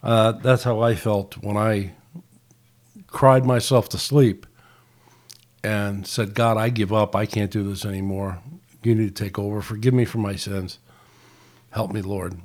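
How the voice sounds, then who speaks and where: Podcast host, man, low voice, reflective and casual. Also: fairly even intonation, a little slow, long pauses, a little mellow.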